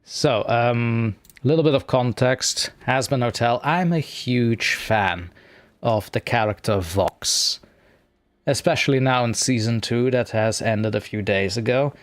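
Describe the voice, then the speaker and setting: A man's voice: medium pitch, a little slow, no echo. Rambling male streamer on a dry mic. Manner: rambling, self-mocking, talks to himself while fiddling with software. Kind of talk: casual live-stream chat.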